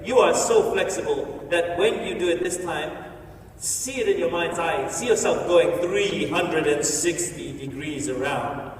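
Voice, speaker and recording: High-voiced man, energetic stage speaker. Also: unhurried, slight background noise. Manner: energetic, playful, gives the audience instructions. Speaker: motivational speaker. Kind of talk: stage talk. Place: large hall with an audience. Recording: echoey hall from far off, faint ambience.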